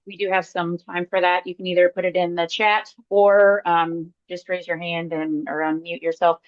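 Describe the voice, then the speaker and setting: A woman's voice: lowish voice, no room sound, muffled recording. Casual woman moderating a webinar. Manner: casual, many fillers. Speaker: event moderator. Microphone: video call.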